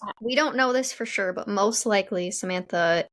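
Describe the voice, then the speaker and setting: A woman hosting a podcast, responding warmly and affirmingly to her guest in casual chat. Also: medium pitch, moderate pace. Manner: warm, affirming listener. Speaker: podcast host.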